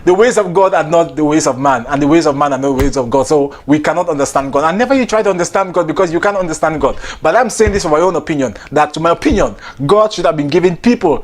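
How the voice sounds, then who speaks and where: Funny guy hosting his comedy show, higher voice, laughing through his bits. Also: fast, few pauses. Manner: laughs through his lines, playful and animated. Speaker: comedian host. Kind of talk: stand-up style comic monologue.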